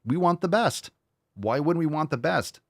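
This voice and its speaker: A man's voice: fairly high pitch, animated, moderate pace, no room sound, clean studio sound. A man hosting a show, ranting and mocking in combative, sarcastic commentary over video clips. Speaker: show host.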